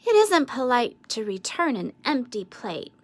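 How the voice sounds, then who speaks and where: A woman voicing a cheerful, earnest, literal-minded grown woman in a read-aloud storybook, in a chirpy high voice. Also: very animated, unhurried. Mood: cheery.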